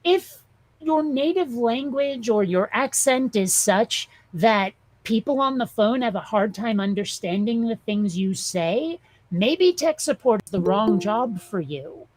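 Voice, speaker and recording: A woman host rambling through a comic story with profane asides. Her voice sits a little high and comes across dry and close. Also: animated, a little slow, darkish tone, dry recording, poor audio. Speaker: show host. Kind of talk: casual chat.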